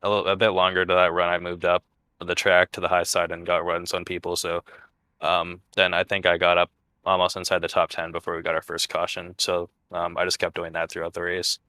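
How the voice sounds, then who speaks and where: Casting: male racing driver, low monotone, bright and dry, halting post-race answers. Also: no room sound. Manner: low-key, halting with frequent fillers.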